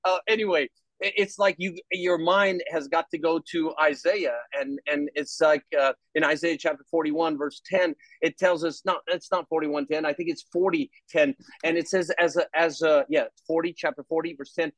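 A man speaking as an interview guest about his faith, talking in an animated, rambling way with many restarts. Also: on the high side, moderate pace, dry recording. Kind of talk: faith testimony in conversation.

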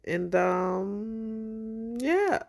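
Slow-talking woman co-hosting a podcast. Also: fairly high pitch, creaky. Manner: relaxed and chatty, with informal slang. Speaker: podcast co-host. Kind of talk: casual chat.

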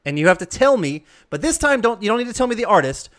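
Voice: mid-range voice, quick pace. A quiz game host reading questions and joking with contestants in an upbeat way. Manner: playful, jokey, animated.

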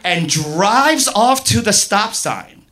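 A young man telling a profane, animated stand-up story full of "like", on a comedy club stage. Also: high voice, slow, background noise.

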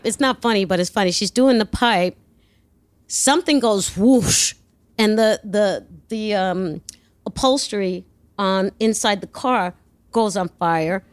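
A middle-aged woman tells stories as a guest. She is animated and blunt, swears freely and acts out each side of the dialogue. Her voice sits at an ordinary pitch for a woman and sounds dry and close-miked. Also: clean tone, no echo. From New York. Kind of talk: casual storytelling.

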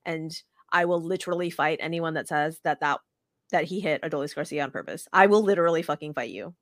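Animated, profane woman chatting sports. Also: sits low, no echo, clean studio sound. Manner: animated, profane storytelling with fast restarts. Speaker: podcast co-host. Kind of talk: casual sports chat.

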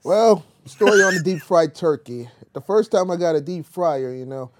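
A man's voice: on the high side, animated, moderate pace, background noise. A man telling a funny story in a casual chat, dry and wry in manner.

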